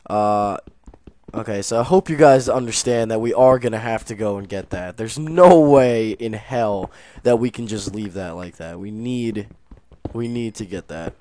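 A man's voice: on the low side, unhurried, no room sound. Jumpy young man narrating his gameplay. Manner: nervous, excitable, swings between mutters and loud exclamations. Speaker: gaming YouTuber. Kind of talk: let's play commentary.

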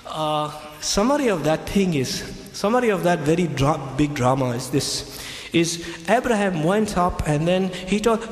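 In an echoey hall with faint ambience, a very animated, high-pitched man lectures at normal speed as a Christian speaker. Retelling scripture, he repeats his key phrases in English marked by non-native phrasing.

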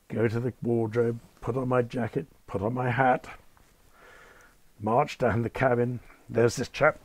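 A man's voice: mid-range voice, no room sound. An older man, a retired airline captain, telling wry, understated anecdotes in an interview. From United Kingdom. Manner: wry, understated storyteller, polite British phrasing. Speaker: retired Concorde captain, guest.

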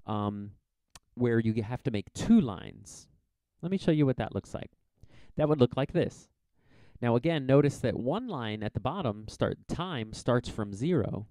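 A man's voice: medium pitch, mellow, no room sound. Casual chatty male science teacher. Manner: chatty, informal explaining with asides. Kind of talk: exam review lesson.

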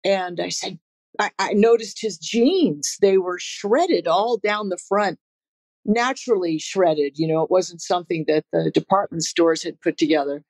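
A woman's voice: on the low side, a little slow, a little mellow. A woman in her sixties, a guest musician on a podcast, talking casually with plenty of fillers, restarts and laughter. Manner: laid-back, laughs often, frequent fillers and restarts. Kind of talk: casual interview storytelling.

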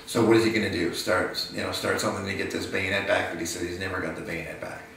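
A man in his sixties telling his late father's wartime story in an unhurried, halting way, often restarting his sentences. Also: low voice, flat delivery, gravelly, a bit bright. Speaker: son of a war veteran, interviewee. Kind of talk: personal recollection, storytelling. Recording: very roomy, distant mic, faint hiss.

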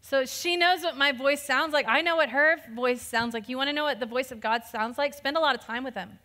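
A woman pastor giving a lively, conversational sermon, laughing often as she preaches. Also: high voice, a little fast, in a large hall.

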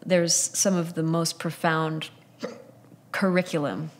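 A woman co-hosting a podcast, speaking in a measured, affirming way and using spiritual vocabulary. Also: low-pitched, fairly even intonation. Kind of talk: casual reflective conversation.

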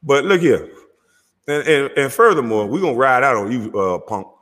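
A man with a lively, swinging voice riffs crudely over video clips, heckling and cackling between lines. His voice rings out with a long hall-like reverb around it. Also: medium pitch, normal speed. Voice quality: loud, crude and heckling, laughing often. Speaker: commentator reacting to clips. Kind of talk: rowdy comedic commentary.

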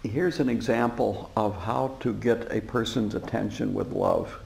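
A man giving a dharma talk as a Buddhist teacher, telling stories in a relaxed way with frequent fillers and chuckles. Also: lowish voice, unhurried, creaky, slight background noise. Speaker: Buddhist teacher and former prison chaplain. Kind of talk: dharma talk to a live audience. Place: meditation center hall. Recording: roomy hall reverb.

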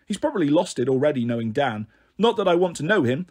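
Lively husky male storyteller. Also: on the high side, fast talker. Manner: animated, voices the characters' dialogue. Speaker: audiobook reader. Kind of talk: expressive storybook reading.

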